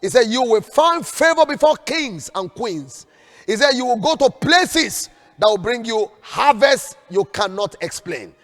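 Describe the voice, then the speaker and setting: A man's voice: very high-pitched, expressive, measured pace, a bit bright. A man preaching fervently as a prophet in an online prayer broadcast, urging viewers to repeat declarations after him. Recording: long hall reverb with faint background music.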